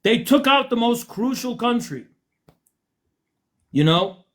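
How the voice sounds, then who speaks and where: A man's voice: very high-pitched, lively intonation, slow, a bit bright. A man from the United States hosting a livestream, arguing with callers in a combative, mocking way. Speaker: livestream host. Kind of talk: heated livestream argument.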